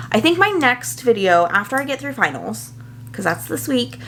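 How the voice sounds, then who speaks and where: A young adult woman, a nursing student, chatting casually and earnestly to her viewers, full of fillers and quick asides. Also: mid-range voice, a bit bright, a little hiss or hum. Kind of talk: casual chat to camera.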